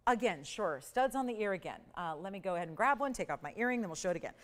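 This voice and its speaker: A middle-aged woman hosting a live TV jewelry sale, pitching in an upbeat, persuasive and urgent way. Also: lively intonation, rapid-fire. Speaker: shopping channel host. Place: TV studio.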